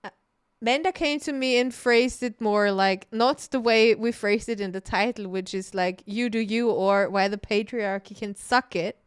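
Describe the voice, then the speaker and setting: A woman's voice: mid-range voice, normal speed, smooth, no room sound, studio quality. A woman co-hosting a podcast in casual chat, laughing often and swearing casually. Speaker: podcast co-host. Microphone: streaming mic.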